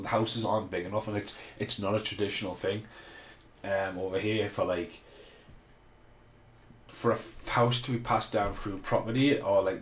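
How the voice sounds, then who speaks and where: A man's voice: on the low side, slight background noise. A man hosting a casual film commentary podcast, rambling and swearing freely as he rants. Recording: roomy echo.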